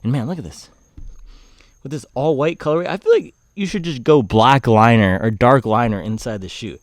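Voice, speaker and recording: A man's voice: medium pitch, moderate pace, no room sound, studio quality. A man giving a casual running shoe review, laid-back and slangy, with joking asides.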